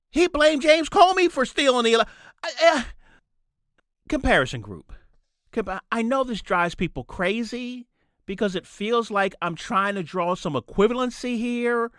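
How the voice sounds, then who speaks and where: A man's voice: very high-pitched, pushed and bright, clean tone, no room sound, clean studio sound. A man hosting his own political podcast, ranting in a solo commentary and repeating his points for emphasis. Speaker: podcast host.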